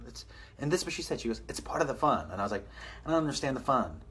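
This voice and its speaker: A man's voice: medium pitch, big pitch swings, fast talker, pauses often, fairly bright tone, a little hiss or hum. A man in his forties hosting a live stream, telling rambling, self-mocking stories and answering viewer comments. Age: 40s. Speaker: podcast host on a live stream. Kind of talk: casual storytelling and reading viewer comments.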